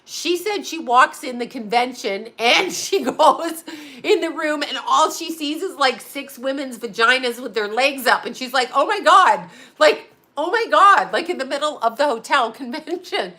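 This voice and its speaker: Speaking at normal speed in a high voice, a female vlogger shares a story with her audience, relaxed and lively. Her telling is full of laughter and freely used swear words.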